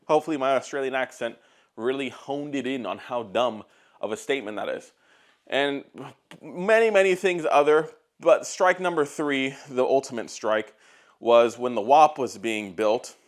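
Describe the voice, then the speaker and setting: Blunt, profane man ranting. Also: mid-range voice. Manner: blunt, profane, exasperated storytelling. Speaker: car YouTuber. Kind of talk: casual rant to camera.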